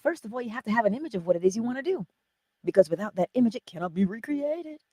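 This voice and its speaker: Husky, lively woman preaching to viewers. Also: a little high, very fast, no room sound. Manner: animated, drops to whispered asides, chuckles often; speaks straight to the viewers, answers chat comments. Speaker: host of a morning inspiration livestream. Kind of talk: live-streamed inspirational teaching.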